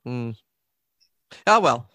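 A man chatting as a podcast guest, playful, with quick quips and chuckles. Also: mid-range voice, very animated, sharp tone, no room sound, clean studio sound. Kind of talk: casual podcast chat.

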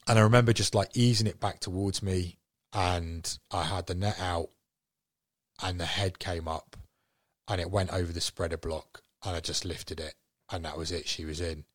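A man, a guest angler, telling a fishing story in a casual, animated way. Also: low-pitched, moderate pace, no echo, clean studio sound.

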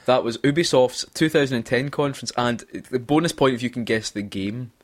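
A man's voice: mid-range voice, brisk. A man co-hosting a casual gaming podcast, joking and swearing, often laughing at his own bits. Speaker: podcast co-host. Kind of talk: casual chat.

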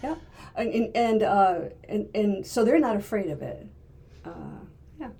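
Older woman, retired therapist, interview guest, thoughtful, halting speech, repeats words, middle pitch. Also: animated, dark tone. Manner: thoughtful, halting, often repeats words as she searches for them. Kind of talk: casual interview conversation.

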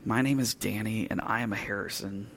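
A man's voice: on the low side, fairly even intonation, brisk, creaky, a bit bright, slight background noise. A man voicing a scared little boy who repeats his name in a sermon story. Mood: timid mumble.

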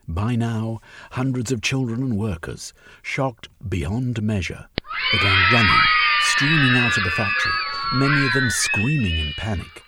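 A man narrating a story aloud in a measured, expressive reading. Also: mid-range voice, raised voice, very noisy. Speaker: audiobook narrator.

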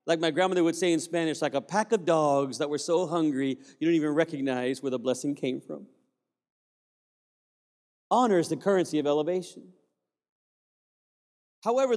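A male pastor preaching a sermon, telling the story with lively humor and playful asides. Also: high voice. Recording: long hall reverb.

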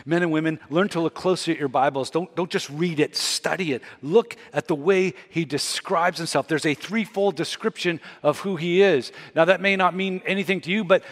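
A man's voice: fairly high pitch, brisk, hardly any pauses. A man preaching a sermon as pastor, teaching closely from scripture and building to emphatic peaks. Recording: long hall reverb.

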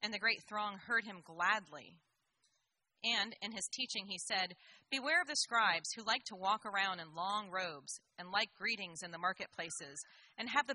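A woman reads scripture in a measured, deliberate way. Her voice is bright and crisp, recorded close and dry with almost no room sound. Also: mid-range voice, dry recording. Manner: measured, clear reading aloud. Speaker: scripture reader. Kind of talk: liturgical Bible reading.

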